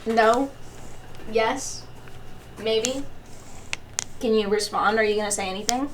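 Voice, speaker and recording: A woman's voice: on the high side, slow, slight background noise. A woman coworker in an office comedy skit, nagging and exasperated as she questions him. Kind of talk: mockumentary comedy acting.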